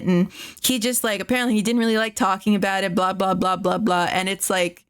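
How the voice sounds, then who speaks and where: A woman's voice: mid-range voice, little pitch movement, brisk, clear, resonant tone. A woman streamer retelling a story in casual chat, rambling with lots of fillers, swearing and laughing often.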